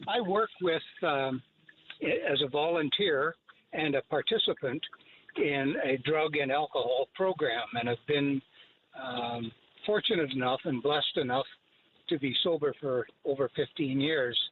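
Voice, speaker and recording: A man in his eighties calling in to a radio show, speaking in a halting way with frequent pauses. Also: fairly high pitch, slight background noise. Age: 80s. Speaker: caller. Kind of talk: phone-in opinion. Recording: tinny phone line.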